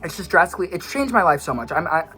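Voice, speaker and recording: A man's voice: fairly high pitch, big pitch swings, rapid-fire, pushed and bright. A young man, a vlogger and musician, talking in a casual rambling monologue, a little out of breath, jumping between tangents and poking fun at himself. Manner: scattered, tangent-prone, self-mocking. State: slightly out of breath.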